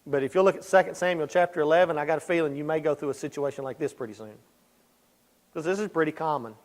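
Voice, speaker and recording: A man preaching a sermon in a church, telling stories with animated emphasis and sudden quiet asides. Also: on the high side, fast. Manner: animated storyteller, swinging between loud emphasis and quiet asides. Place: church sanctuary. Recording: echoey church hall.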